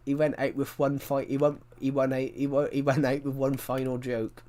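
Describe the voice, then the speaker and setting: A man's voice: mid-range voice, monotone, moderate pace, warm tone. A man livestreaming a game, telling stories in a rambling casual chat and often correcting himself mid-sentence. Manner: rambling storyteller, frequent self-corrections.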